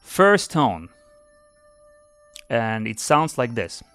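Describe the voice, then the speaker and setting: A man hosting a podcast lesson, speaking deliberately and demonstrating sounds by repeating syllables. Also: medium pitch, sing-song, loud music behind the voice. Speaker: language teacher and podcast host.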